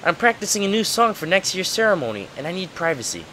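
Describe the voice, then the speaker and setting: A man's voice: sits high, big pitch swings, quick pace, voice pushed up, full character voice. A man voicing a polite little male plant-creature musician with a put-on British accent, over game music. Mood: chatty. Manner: gentle, polite and earnest.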